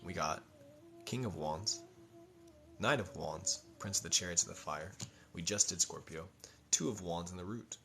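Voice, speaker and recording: A man hosting a livestream tarot reading, reading cards slowly and softly, then turning loud and laughing with casual swearing. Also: low-pitched, vocal fry. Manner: swings from soft, slow reading to loud, laughing, profane outbursts.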